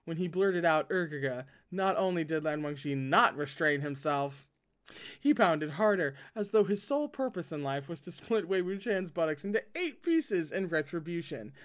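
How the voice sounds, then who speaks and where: A man's voice: a little high, animated, moderate pace. Man reading aloud with wry asides. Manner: breaks off into wry asides and joking commentary. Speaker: host reading a novel aloud. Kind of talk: casual read-aloud with commentary.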